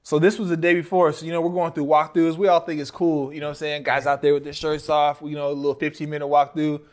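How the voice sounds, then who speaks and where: A man with a slightly raised voice telling a story in a relaxed, conversational way. He talks like a former player sharing a locker-room tale with a friend. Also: fairly high pitch, fast talker. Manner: laid-back, conversational. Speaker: podcast co-host, former football player. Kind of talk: casual storytelling.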